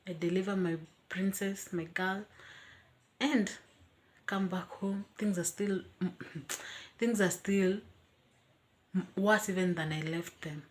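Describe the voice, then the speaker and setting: A young woman telling a personal story in a casual vlog, animated and expressive, often acting out her own reactions. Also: medium pitch. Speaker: vlogger.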